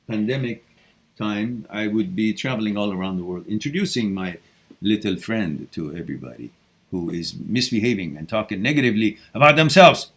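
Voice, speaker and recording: Male stream host, husky low voice, unhurried, lively swings in pitch. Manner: animated, breaks into chanting and shifts between loud and hushed. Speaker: host answering viewer questions. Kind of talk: live Q&A stream.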